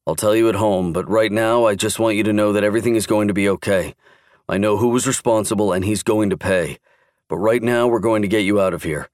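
A man's voice: lowish voice, brisk, darkish tone, no room sound, clean studio sound, natural voice. A man reading the lines of a tough, protective man who gives stern, clipped orders. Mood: reassuring.

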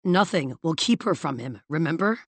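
A woman's voice: low voice, animated, moderate pace, husky, dry recording, heavily acted. A woman reading an audiobook and voicing a sardonic, dry-witted male villain with wry, clipped retorts. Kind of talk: audiobook character voice.

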